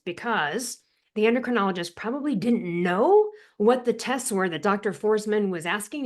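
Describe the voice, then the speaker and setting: A woman guest on a podcast interview, talking in an animated, emphatic way and laughing often. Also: on the high side. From United States. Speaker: author and thyroid coach, guest.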